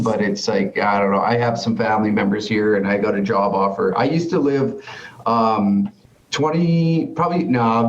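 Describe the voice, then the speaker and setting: Young Canadian man, casual podcast guest, salty laid-back talker, echoey slightly muffled recording. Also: medium pitch. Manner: swearing, laid-back storytelling. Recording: echoey room, slightly dull sound.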